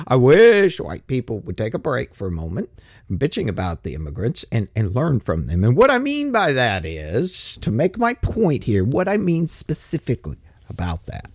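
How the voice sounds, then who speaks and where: Ranting man, lively pitch. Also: moderate pace, slightly rough, no room sound, clean studio sound. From United States. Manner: blunt, ranting, profane, with rambling asides. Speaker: commentator. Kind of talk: solo opinion monologue.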